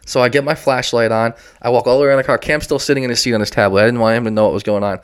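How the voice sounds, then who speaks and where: A quick-talking man telling a rambling story in relaxed, profane podcast banter. He speaks at an ordinary pitch and keeps up a fast pace. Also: clear, resonant tone. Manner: loose storytelling, heavy swearing. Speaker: podcast co-host. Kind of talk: casual chat. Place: house with windows open.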